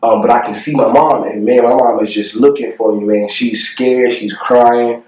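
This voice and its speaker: A young man telling a painful personal story to the camera, earnest and halting, with many fillers and pauses. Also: mid-range voice, fairly even intonation, darkish tone, distant mic. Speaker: family vlogger. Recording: echoey room, voice a bit off-mic.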